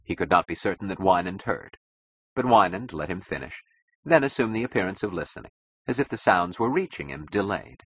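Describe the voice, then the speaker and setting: Very deep husky male audiobook narrator. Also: animated, fairly quick, fairly bright tone, no echo, rough recording. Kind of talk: scripted narration.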